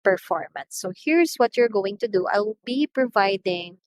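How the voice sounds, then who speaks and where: A woman's voice: mid-range voice, expressive, moderate pace, a little mellow, poor audio. A woman with a Filipino accent, an English teacher giving a recorded lecture, stressing words to show pronunciation and slipping into Tagalog asides.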